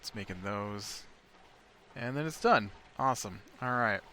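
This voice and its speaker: A man's voice: lowish voice, lively intonation, measured pace, bright, forceful tone, slight background noise. An American man giving casual gameplay commentary, thinking aloud and rambling with lots of fillers. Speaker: let's play host.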